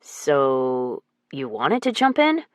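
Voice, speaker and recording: A woman reading an audiobook, voicing a playful, teasing young man in a lowered voice. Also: wildly swooping pitch, slow, no room sound, studio quality, full character voice.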